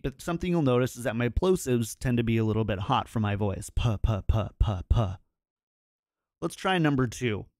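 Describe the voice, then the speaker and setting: Tutorial presenter, male, mid-pitched, clear instructive delivery, close studio mic in a dry room. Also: no echo. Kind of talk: scripted product tutorial. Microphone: studio microphone, close.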